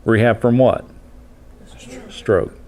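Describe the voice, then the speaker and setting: A man, an EMT instructor telling a case story to his class in a blunt, animated way. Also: medium pitch, slow pace. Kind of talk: storytelling lecture.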